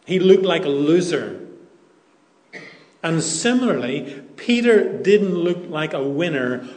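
Slow, emphatic preaching man. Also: a little high, a little mellow. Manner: deliberate, repeats key phrases for emphasis. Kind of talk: sermon. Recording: echoey room.

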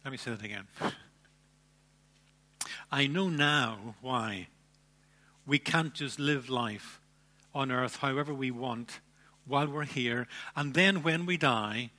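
A man preaching a sermon, emphatic, with dramatic pauses and repeated phrases. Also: medium pitch, sharp tone. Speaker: pastor.

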